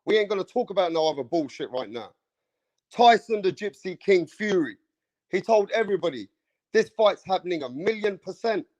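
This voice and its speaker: Brief: man, high-pitched, heated profane rant, keeps saying "bro.". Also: expressive, normal speed, darkish tone. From England. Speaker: boxing channel host. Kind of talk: heated opinion rant to camera.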